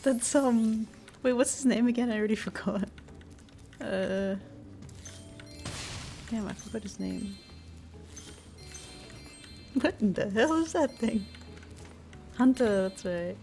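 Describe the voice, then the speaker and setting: Brief: woman streamer, chatty game commentary, bright-ish pitch, game music under her. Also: takes it slowly, gravelly, long pauses. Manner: chatty, laughing reactions. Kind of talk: casual gameplay commentary.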